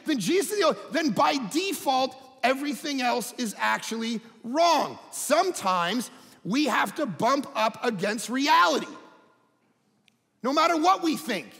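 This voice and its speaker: Animated man preaching in a reverberant hall. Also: unhurried, vocal fry. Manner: animated, swings from loud emphatic highs to low quiet asides. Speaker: pastor. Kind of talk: sermon. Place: large church hall.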